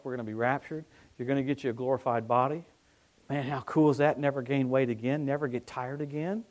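A middle-aged man preaching a sermon, telling stories that swing from hushed tones to excited shouting. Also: medium pitch.

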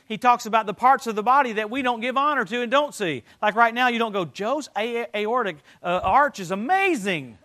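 Lively high-voiced man preaching a sermon. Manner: animated storytelling with laughs and sudden swings in loudness.

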